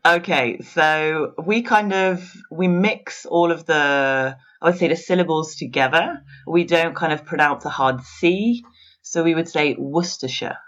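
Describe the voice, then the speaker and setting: A woman's voice: low-pitched, a little slow, fairly bright tone. A woman from England, chatting as an interview guest, laughing often and using lots of fillers. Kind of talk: casual interview chat.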